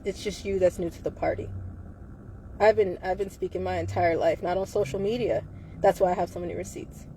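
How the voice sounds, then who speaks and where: A woman's voice: mid-range voice, warm tone, slight background noise. A woman speaking in a live video, talking fervently and firing off repeated rhetorical questions. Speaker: livestreamer. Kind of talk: impassioned live video monologue.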